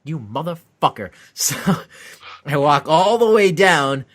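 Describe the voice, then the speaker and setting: Animated swearing man telling a story. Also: fairly high pitch, slow. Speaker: podcast co-host; convention exhibitor. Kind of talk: casual chat.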